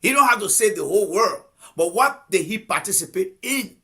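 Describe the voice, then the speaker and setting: On a live stream, a combative man with a Liberian English accent gives political commentary in a high, gravelly voice with a bright, husky edge. Animated and at normal speed, he drives his points home with repeated rhetorical questions.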